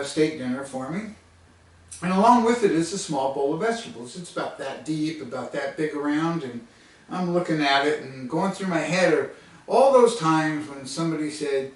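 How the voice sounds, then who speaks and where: Man storyteller, casual and self-mocking, slightly high voice, distant mic. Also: animated, normal speed. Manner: chuckling, rambling and self-mocking. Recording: distant mic in a very echoey room.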